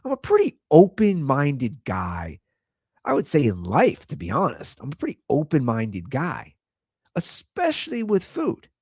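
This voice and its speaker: A man's voice: measured pace, husky, no room sound, studio quality. A man hosting his own show, telling a story as a casual comedic rant and repeating lines in disbelief for comic effect. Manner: animated storyteller, swings between loud and low. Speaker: podcast host.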